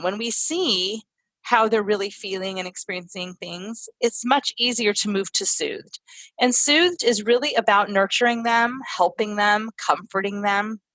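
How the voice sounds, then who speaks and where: A woman's voice: medium pitch, a bit bright, no echo, poor audio. A woman speaking as a parenting educator in an interview, earnest and explaining her ideas through family stories. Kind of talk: conversational teaching in an interview.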